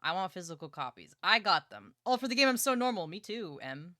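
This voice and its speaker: A young woman livestreaming from her partner's home setup, chatting excitedly and playfully about books and swearing casually. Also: mid-range voice, fairly quick, no echo, studio quality.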